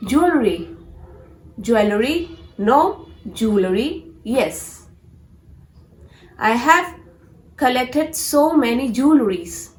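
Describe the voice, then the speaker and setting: Slow, deliberate woman. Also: on the high side, roomy sound, poor audio. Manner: slow and deliberate, repeating words for practice. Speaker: English pronunciation teacher. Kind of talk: pronunciation lesson.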